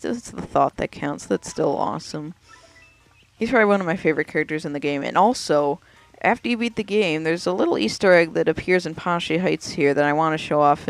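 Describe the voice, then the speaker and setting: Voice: medium pitch, creaky. A let's player chatting offhand while commenting on a video game.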